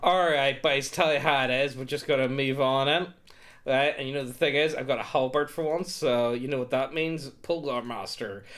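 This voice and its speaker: A man playing a tabletop game, loud and rowdy, swearing and acting like a football hooligan. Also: mid-range voice, moderate pace. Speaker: player. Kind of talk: casual tabletop game banter.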